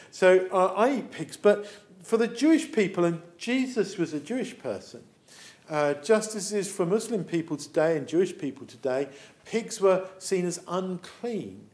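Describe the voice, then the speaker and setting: A man with an English accent, a vicar telling a Bible story as a children's talk, acting out the characters as he goes. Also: high-pitched. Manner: animated storytelling, acts out the characters.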